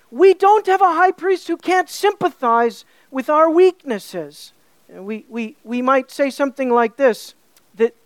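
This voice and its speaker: Woman preacher, high voice, emphatic and repetitive, dry close sound. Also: no echo. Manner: emphatic, rhetorical questions, building repetition. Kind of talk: sermon.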